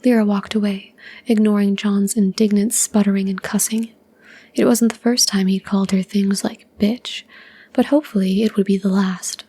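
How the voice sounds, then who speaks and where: A woman reads a short story in a soft ASMR whisper, unhurried and even. Her breathy voice is mellow and dark, with a flat, steady line and little rise and fall. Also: mid-range voice.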